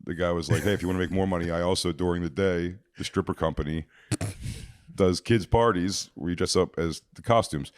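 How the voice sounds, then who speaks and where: A man's voice: sits low, a little fast, no room sound. A man, a podcast co-host telling a long rambling story with many fillers and restarts. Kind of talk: casual storytelling.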